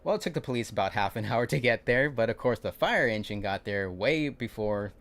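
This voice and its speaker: A man's voice: on the low side, fairly quick. A young man telling a long, rambling story from his work shift in a casual livestream, acting out what people said and often restarting his sentences. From California. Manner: rambling, animated retelling with acted-out quotes and frequent restarts. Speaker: vlogger recounting a work shift.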